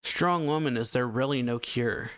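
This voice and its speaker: A man reading as a huge grieving gentle father. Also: medium pitch, moderate pace, no echo, clean studio sound, lightly acted. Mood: distressed.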